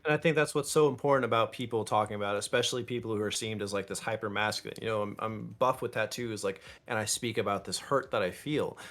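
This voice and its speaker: A man guest in a casual podcast chat, talking openly and getting animated as he tells stories. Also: fairly low pitch, fast talker, hardly any pauses. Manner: open and animated, breaks into laughs and silly voices when telling stories. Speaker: interview guest.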